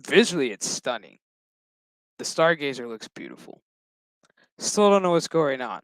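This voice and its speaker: Brief: man, smooth clear voice, dry close sound, swearing his way through a sarcastic episode recap. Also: a little high, big pitch swings, normal speed, a bit bright, dry recording. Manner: profane, sarcastic, blunt. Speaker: show reviewer.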